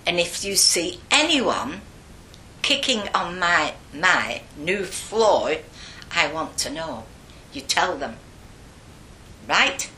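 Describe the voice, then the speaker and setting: A woman's voice: on the low side, very animated, slow, a little hiss or hum, heavily acted. Older woman playing a stern scolding nun. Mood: warning. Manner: sharp, scolding, demanding. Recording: echoey room.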